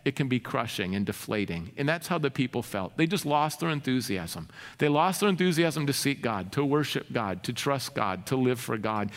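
A man's voice: fairly high pitch, a bit bright. Earnest preacher man in a reverberant hall. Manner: earnest, asks the congregation rhetorical questions. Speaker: pastor. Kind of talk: sermon.

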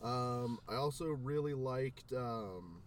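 A man's voice: mid-range voice, animated, slow, far from the mic, a little hiss or hum. A man co-hosting a casual podcast chat, laid-back and casually swearing. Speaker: podcast co-host. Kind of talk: casual chat among friends.

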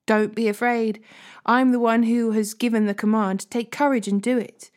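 A woman's voice: fairly high pitch, little pitch movement, moderate pace, lightly acted. Woman reading as a scheming young prince. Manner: commanding. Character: scheming young prince ordering his men.

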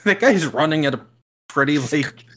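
A young man co-hosting a podcast, chatting casually while reacting to a film and breaking into loud laughs. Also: fairly high pitch, moderate pace. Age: young adult. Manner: excitable, laughs loudly. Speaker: podcast co-host.

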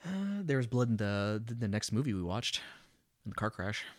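A man's voice: lowish voice, sing-song, normal speed. A man co-hosting a casual movie podcast, recapping a film with sardonic, exasperated, profane commentary. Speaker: podcast co-host. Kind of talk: casual movie review chat.

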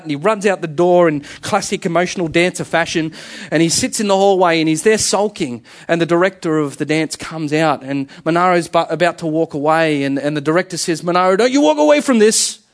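A man preaching a sermon, telling stories earnestly and animatedly with frequent restarts. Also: fairly high pitch.

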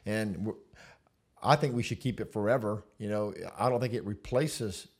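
A man, a pastor, chatting casually about his church, relaxed and laughing easily, with many fillers. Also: fairly low pitch, normal speed, husky. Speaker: senior pastor. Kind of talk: casual chat.

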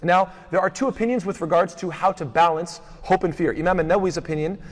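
A man teaching a lesson on hadith, rapidly reciting Arabic passages, then explaining them and posing rhetorical questions to his listeners. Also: sits high. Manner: poses rhetorical questions to the class. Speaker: Islamic studies teacher. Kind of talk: lecture on hadith. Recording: long hall reverb.

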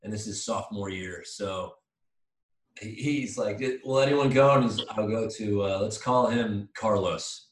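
A man in his thirties, co-hosting a casual podcast, telling a rambling, animated story full of restarts. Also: lowish voice, measured pace, distant mic. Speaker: podcast co-host. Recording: echoey room, voice off-mic.

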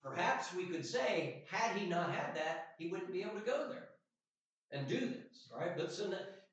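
A man teaching a Sunday school class, with a fairly high voice for a man. He talks in a loose, conversational way and keeps asking "right?" as he goes. The room sounds very echoey, and his voice comes from a distance, dull and muffled. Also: expressive, a bit bright. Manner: conversational, often checks in with "right?" and "all right?"; reads scripture aloud in slow, deliberate emphasis. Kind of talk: Bible lesson. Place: church classroom.

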